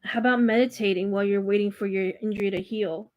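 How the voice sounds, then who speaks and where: A woman giving a live tarot reading, speaking gently and reassuringly to a viewer, with frequent fillers and restarts. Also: mid-range voice, steady tone, fast. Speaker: tarot reader and spiritual coach hosting a live reading. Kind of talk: live-stream chat with viewers.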